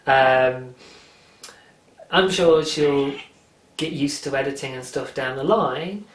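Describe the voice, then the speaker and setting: A man's voice: medium pitch, takes it slowly. A British man hosting a craft podcast in casual, enthusiastic chat, with frequent ums. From Britain. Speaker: podcast host. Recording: roomy echo.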